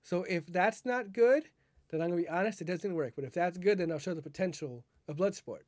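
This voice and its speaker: This podcast co-host speaks briskly in a high, slightly mellow voice, recorded cleanly in a studio with no room sound. He wanders through the casual conversation, often stopping to correct himself.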